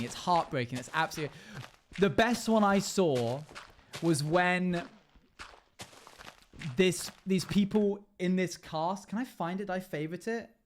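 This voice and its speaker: A man's voice: high-pitched, a little hiss or hum. A young man livestreaming casually, chatting with viewers, laughing often and humming to himself. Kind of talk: casual chat with live chat while gaming.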